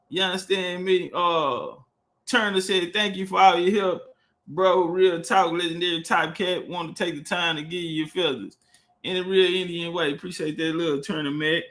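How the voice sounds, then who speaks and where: This livestream host from Texas has a high voice that sounds pushed and bright. He chats casually and profanely, repeating words as he hunts for what to say next.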